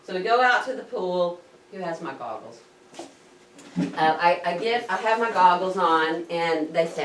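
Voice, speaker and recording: A woman with a low voice tells a lively story about herself, acting out her own startled gasps. She sits back from the mic in a roomy space that echoes around her, with a faint hum of ambience behind. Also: measured pace, recorded from a distance. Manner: animated, acts out her own gasps and panic. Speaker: diving vlogger recounting her scuba course. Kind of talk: casual storytelling to camera. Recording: roomy echo, speaker set back from the mic.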